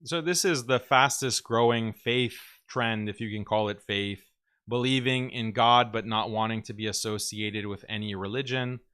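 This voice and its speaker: A male livestream host with a bright, forceful voice that comes through smooth and crisp. He talks in a blunt, opinionated way, laughing now and then and mocking critics with sarcastic mimicry as he reads and answers viewer messages. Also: lowish voice, normal speed. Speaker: show host reading viewer super chats. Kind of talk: casual livestream commentary.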